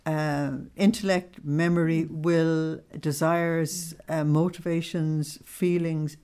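Woman, deep low voice, religious teacher, measured and explanatory with small-group listeners. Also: little pitch movement, mellow, smooth. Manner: measured, explaining with plain everyday examples.

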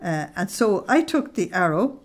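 Lively woman giving a religious talk. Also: medium pitch, moderate pace. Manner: lively, laughs often, reads quotes aloud with feeling. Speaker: speaker on Christian mysticism. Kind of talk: informal religious talk to a group.

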